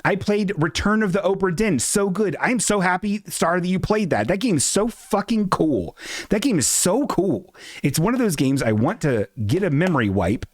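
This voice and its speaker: A man's voice: high voice, sing-song, normal speed, no echo, studio quality. A man hosting a casual livestream chat, rambling, profane and self-mocking as he reads comments. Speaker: live show host.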